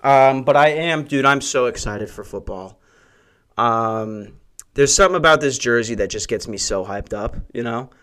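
A man's voice: medium pitch, moderate pace, fairly bright tone, clean tone. A man hosting a solo comedy podcast from a house, ranting in a crude, profane and self-mocking way. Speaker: podcast host. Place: hot brick house.

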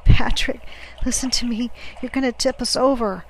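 Lady reading as a gruff kind old sailor, soothing and stammery, storybook voice. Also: on the high side, fairly even intonation, moderate pace, slight background noise, voice pushed up, lightly acted, rough recording. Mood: coaxing. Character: gruff kindly older male sailor, protective.

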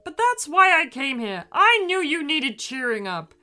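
A woman's voice: high-pitched, big pitch swings, a little slow, sharp tone, faint music behind, pitched above the performer's own voice, full character voice. A woman voicing a cheerful, singing old magical car in a children's story, bouncy and sing-song.

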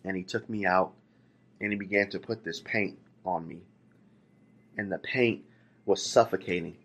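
A man's voice: sits low, moderate pace. A man voicing a talking antique teacup that recounts, in the first person, being shaped by a potter, in a plain preaching voice. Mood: recounting. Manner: pleading storytelling in first person. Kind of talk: sermon illustration.

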